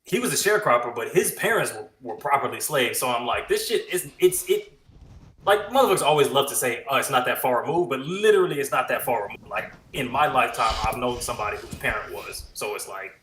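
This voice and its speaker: A man's voice: medium pitch, animated, quick pace, fairly bright tone. A man speaking bluntly and emphatically in casual podcast chat, off the mic. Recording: echoey room, off the mic.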